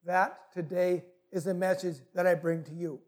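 A man preaching a sermon in an earnest, deliberate way. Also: sits high, flat delivery, a little mellow.

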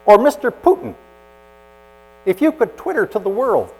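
A man preaching a storytelling sermon as a pastor, swinging from loud emphasis to hushed asides. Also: sits high, sing-song, moderate pace, rough recording.

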